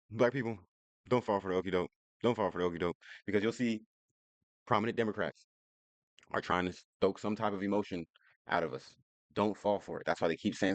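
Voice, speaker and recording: Very deep guy ranting fast at viewers, dry close sound. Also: no room sound. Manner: blunt, preachy, addresses viewers directly. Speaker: commentary host reacting to clips. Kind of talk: reaction commentary.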